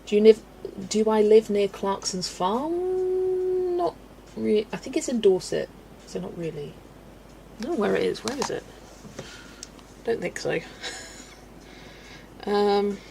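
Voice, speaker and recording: Her voice is mid-range, gravelly, and warm, with a little hiss or hum in the background. A Southwest English woman with a Wiltshire accent, she chats self-deprecatingly on a colouring live stream and laughs a lot answering viewers' questions.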